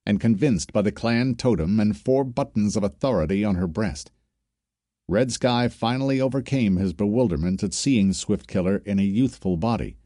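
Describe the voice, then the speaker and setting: A man with a fairly low voice narrates a story for an audiobook, keeping his scripted delivery measured and even. The audio is studio quality without echo.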